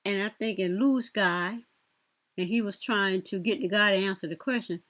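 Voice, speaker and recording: A woman's voice: medium pitch, normal speed, a bit bright. A young woman giving casual reaction commentary, blunt and sassy, talking back at the clips she plays. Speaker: commentary vlogger.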